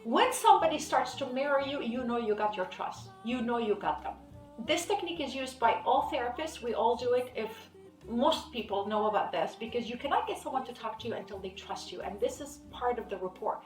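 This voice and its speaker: Animated woman therapist teaching, roomy echo. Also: on the high side, fairly quick, recorded from a distance. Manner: animated, acts out client dialogue, repeats key phrases. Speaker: hypnotherapist teaching a technique. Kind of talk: informal video lesson. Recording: roomy echo, off-mic, faint music.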